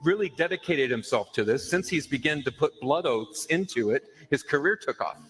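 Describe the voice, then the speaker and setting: A man's voice: fairly high pitch, expressive, moderate pace, fairly bright tone, husky, faint music behind, rough recording. Man casually recounting a story. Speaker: commentator in a reacted video. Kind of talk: storytelling commentary.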